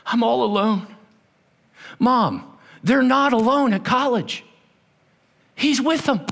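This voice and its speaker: High-voiced preaching man, hall reverb. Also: takes it slowly, vocal fry. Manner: storytelling, swinging from loud to hushed. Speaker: pastor. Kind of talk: sermon.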